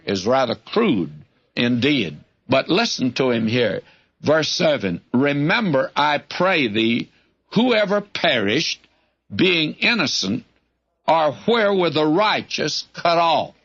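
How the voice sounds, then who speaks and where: Husky folksy Bible teacher, man. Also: mid-range voice, a bit bright. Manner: folksy, plain-spoken, wry asides. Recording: dull lo-fi radio broadcast recording.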